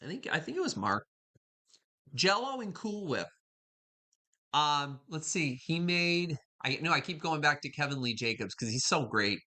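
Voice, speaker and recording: A woman's voice: low-pitched, big pitch swings, normal speed, sharp tone. A woman hosting a live stream from home, chatting casually with viewers and greeting them by name. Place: home kitchen.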